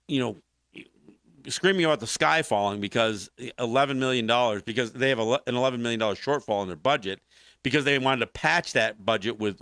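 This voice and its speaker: A man's voice: medium pitch, no room sound, clean studio sound. A man hosting a political talk show, arguing a point with passion and many restarts. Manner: animated, impassioned commentary with frequent restarts.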